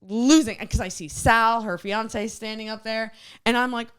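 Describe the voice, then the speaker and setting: A woman co-hosting a podcast, telling a story in a casual, animated way and leaning on "like" constantly. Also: a little high, a little slow, clear, resonant tone. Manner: animated, filler-heavy retelling with lots of "like". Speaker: podcast co-host.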